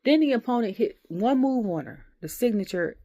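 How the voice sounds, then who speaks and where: A woman's voice: fairly high pitch, animated, normal speed, mellow. A young adult woman, rambling animatedly through a casual wrestling review and acting out the voices she quotes.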